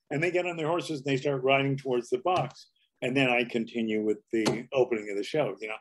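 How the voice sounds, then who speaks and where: A man's voice: mid-range voice, fairly even intonation, fast talker. An older man telling comedy anecdotes as a guest, jumping into character voices as he goes. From Canada. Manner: storyteller who jumps into character voices. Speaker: comedy writer and performer, guest.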